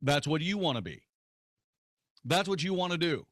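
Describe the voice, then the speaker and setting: A man's voice: a little high, very animated, moderate pace, a bit bright, dry recording. A man hosting a talk radio show, blunt and sarcastic, delivering opinions into a studio microphone. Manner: blunt, sarcastic, mocking voices in quotes.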